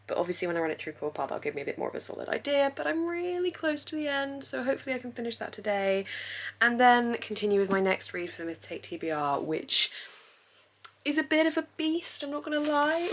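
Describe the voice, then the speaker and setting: Young woman, book vlogger; chatty, rambling, gravelly fry at phrase ends. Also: on the high side, a bit bright. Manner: chatty and rambling, laughs often. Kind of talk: casual vlog chat.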